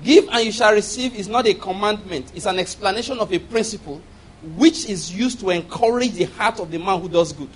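A man's voice: high voice, fairly quick, a little hiss or hum. A man preaching a sermon, driving points home with repetition and call-and-response questions to the congregation. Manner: emphatic call-and-response preaching, repeating key phrases.

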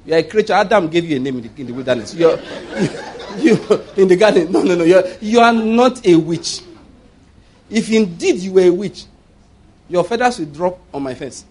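A man's voice: sits high, lively intonation, moderate pace, a little mellow, husky. A man with a Nigerian accent preaching a sermon, telling humorous stories and making emphatic declarations. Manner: humorous, storytelling, laughs often. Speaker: pastor.

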